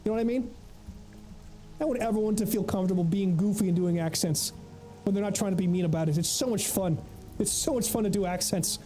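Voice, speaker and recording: A game streamer rambles through casual livestream chatter, reading chat aloud between plays. The voice sits in a mid range with a mellow, dark tone, loose and full of laughs and casual swearing. Faint music plays underneath. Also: medium pitch, quick pace, rough recording.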